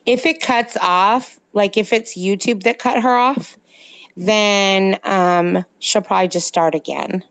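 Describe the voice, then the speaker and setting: A livestream co-host with a slight New Jersey accent rambles chattily to viewers at night from her California home, responding to their comments in a casual late-night live chat. Her mid-range voice is slow and steady in tone, with no echo.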